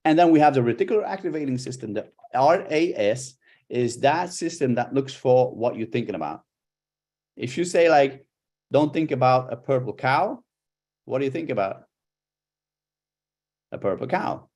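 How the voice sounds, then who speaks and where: A middle-aged man, a body language coach, giving a live workshop talk with lively, expressive intonation. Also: mid-range voice, moderate pace, pauses often.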